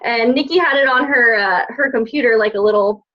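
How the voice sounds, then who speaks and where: A woman's voice: on the high side, brisk. A woman coach telling her team about a weekend in a heartfelt, gushing way, full of "like". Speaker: team coach on a group call. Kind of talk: emotional casual sharing. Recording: dull lo-fi call audio.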